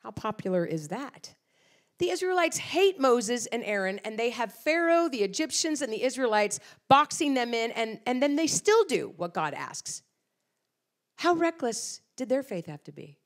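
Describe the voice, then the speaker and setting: Middle-aged female preacher, higher-pitched, expressive storyteller. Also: moderate pace. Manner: animated storytelling with acted-out quotes. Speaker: guest speaker. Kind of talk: sermon.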